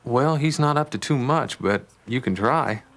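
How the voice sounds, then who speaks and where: An actor playing a measured, matter-of-fact hospital doctor. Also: male voice, medium pitch, animated. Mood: informative.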